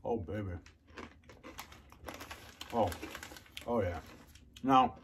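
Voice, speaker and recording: A man casually reviewing snacks on camera, chatting between bites and savoring each taste with drawn-out mm and oh yeah sounds. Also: mid-range voice, slight background noise. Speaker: food reviewer.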